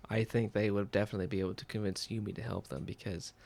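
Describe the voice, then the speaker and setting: A man co-hosting a book podcast, chatting in a relaxed, agreeable way and thinking aloud. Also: on the low side, quick pace, gravelly. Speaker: podcast co-host. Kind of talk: casual book-club podcast chat.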